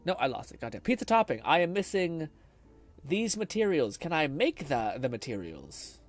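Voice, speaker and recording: Lively, foul-mouthed man streaming a game. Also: on the high side, normal speed, faint music behind. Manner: loose, swears often, laughs a lot. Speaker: gaming streamer. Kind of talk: casual live-stream commentary.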